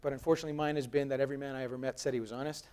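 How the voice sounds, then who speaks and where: Fast-talking man giving a conference talk. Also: mid-range voice, smooth. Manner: animated storytelling, acts out quoted dialogue; conversational, jokes with the audience. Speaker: conference speaker. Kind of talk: live conference presentation. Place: conference hall.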